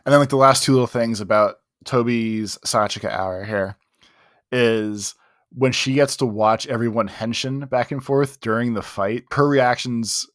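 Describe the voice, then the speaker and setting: A man with a middle-pitched voice co-hosts a laid-back podcast. He recounts scenes in an animated, loose way and swears casually. The recording is dry and close. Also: normal speed, dry recording. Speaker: podcast co-host. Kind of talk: casual chat.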